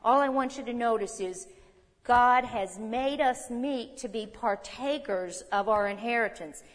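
A woman's voice: a little high, unhurried. Woman preaching in a reverberant hall. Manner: teaching, reading scripture aloud, asking the audience questions. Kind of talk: sermon.

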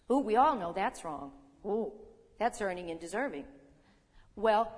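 A woman's voice: mid-range voice, expressive, moderate pace. Woman preaching in a reverberant hall. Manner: teaching, reading scripture aloud, asking the audience questions. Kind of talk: sermon.

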